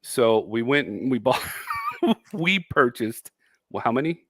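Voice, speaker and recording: A man's voice: mid-range voice, very animated, measured pace, no room sound. A man co-hosting a casual livestream chat, telling a rambling story and laughing often. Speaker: co-host.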